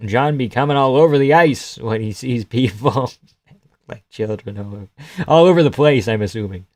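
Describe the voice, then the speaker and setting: A young man from Canada riffing loosely on a live stream, cracking jokes and swearing freely between laughs. His voice sits at an ordinary middle pitch, and the recording is dry and close with no room sound. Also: normal speed, darkish tone, no echo. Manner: joking, swearing, often laughing. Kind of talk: casual live-stream fight commentary.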